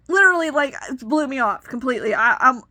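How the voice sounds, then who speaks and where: A woman's voice: high voice, lively intonation, fast talker, pushed and bright, no room sound. A woman in her thirties telling a personal story with emotional, indignant retelling. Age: 30s. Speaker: vlogger.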